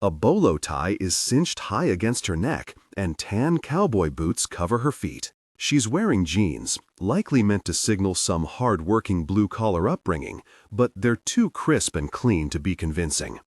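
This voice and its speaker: Husky, animated male audiobook narrator. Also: low-pitched, a little slow, few pauses, dry recording, studio quality.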